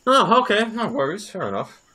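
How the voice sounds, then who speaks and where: A man's voice: high-pitched, sing-song, brisk, sharp tone, pitched above the performer's own voice, exaggerated voice. A man doing a flustered, stammering young priest. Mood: indignant.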